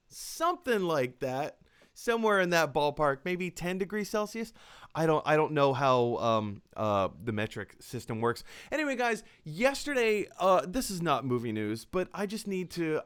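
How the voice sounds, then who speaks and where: Excitable male host, high and smooth voice, chatty and animated. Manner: excitable, storytelling. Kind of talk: casual chat. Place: apartment.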